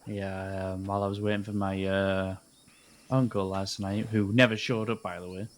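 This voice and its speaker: A man roleplaying in a game, speaking hesitantly with many pauses. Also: low-pitched, flat delivery. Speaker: roleplay player. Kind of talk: in-character roleplay chat.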